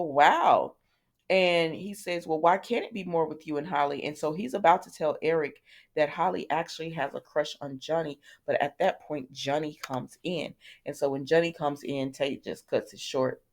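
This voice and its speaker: A woman casually recapping a soap opera episode, retelling the characters' lines in a loose, talkative way with lots of fillers and self-corrections, and speaking straight to her viewers. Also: low voice.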